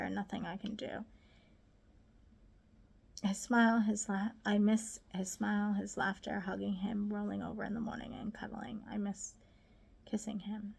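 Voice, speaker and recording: A woman reading her own diary aloud, soft and often half-whispered, halting and grieving. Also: medium pitch, little pitch movement, gravelly, breathy edge. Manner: halting, with restarts. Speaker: diary reader.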